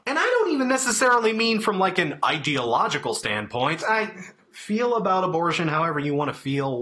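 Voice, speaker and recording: A man's voice: high voice, bright, forceful tone. A man giving an opinionated, sarcastic review of a song, exasperated and crude in his wording. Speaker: music reviewer.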